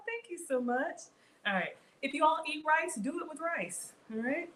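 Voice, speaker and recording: A woman's voice: high voice, lively intonation, moderate pace, rough recording. A middle-aged woman hosting a casual cooking livestream, chatting with viewers, greeting them by name and laughing often. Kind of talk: casual live cooking chat.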